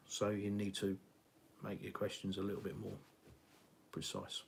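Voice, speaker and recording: A man's voice: lowish voice, fairly even intonation, normal speed, gravelly, fairly bright tone, husky. A middle-aged English man with a southeastern accent and a slight West Country twang, rambling casually on a live stream and answering viewer comments. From England. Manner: rambling, many fillers and restarts, chatty.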